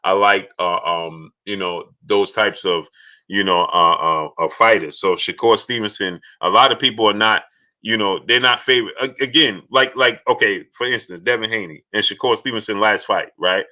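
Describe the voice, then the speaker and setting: A man hosting a casual live stream, halting with many fillers and pauses as he reads viewer messages. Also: fairly low pitch. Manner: halting, many fillers, bursts of excited yelling at a game. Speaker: live stream host reading super chats.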